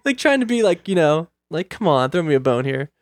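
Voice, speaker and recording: A young man telling a story in casual chat, animated and acting out the quoted dialogue. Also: fairly high pitch, fairly quick, no echo, clean studio sound. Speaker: guest storyteller.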